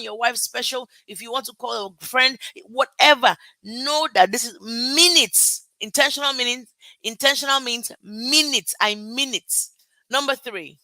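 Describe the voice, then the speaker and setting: A woman's voice: on the high side, pushed and bright, no echo, low-quality recording. A middle-aged Nigerian woman hosting a live motivational talk, emphatic and repetitive, laughing at herself. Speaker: motivational host.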